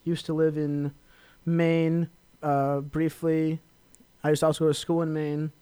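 On his college radio show, this young Los Angeles man talks solo in a casual, rambling way, full of fillers and self-promotion. His slightly high voice is mellow and smooth, unhurried and completely flat in delivery. The recording is dry.

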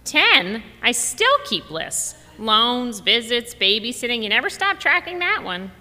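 A woman doing a loud blunt older mom. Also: on the high side, big pitch swings, a little slow, big-room sound, pitched above the performer's own voice, heavily acted. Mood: emphatic. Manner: emphatic, folksy. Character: loud, blunt older mother giving advice.

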